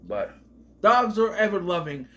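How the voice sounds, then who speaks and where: A man's voice: high-pitched, very animated, measured pace, fairly bright tone, slight background noise. A man casually reviewing a movie on video, rambling off on tangents.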